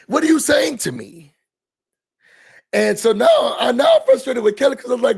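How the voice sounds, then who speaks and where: A man hosting a reality TV recap, ranting in an animated, sassy, blunt way. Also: very high-pitched, moderate pace, vocal fry, long pauses, slightly rough.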